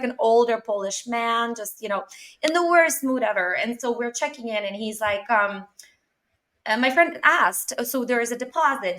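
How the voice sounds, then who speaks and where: A young woman from Canada hosting a podcast, telling stories in an animated way with lots of fillers. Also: fairly high pitch. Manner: animated storytelling with frequent fillers and laughs. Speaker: podcast host. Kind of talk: casual interview chat.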